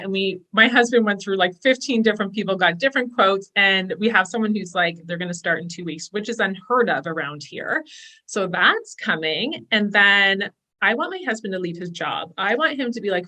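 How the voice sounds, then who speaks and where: A bright, crisp-toned woman in her thirties talks as a podcast guest in a chatty, enthusiastic way. She often slips into quoting her own inner voice as she goes. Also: mid-range voice. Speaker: guest, business and money coach. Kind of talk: casual podcast conversation.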